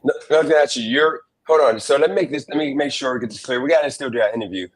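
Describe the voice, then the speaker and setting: A man's voice: mid-range voice, quick pace, a crowd in the background, poor audio. A man hosting a livestream interview, asking questions in an easygoing, meandering way full of ums.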